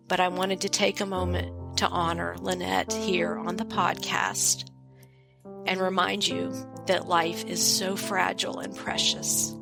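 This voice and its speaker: A woman hosts a podcast, choked up and halting as she shares sad news. Her voice sits low with a gravelly edge. Music plays clearly underneath her. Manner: emotional, halting delivery. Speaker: podcast host. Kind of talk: somber podcast announcement.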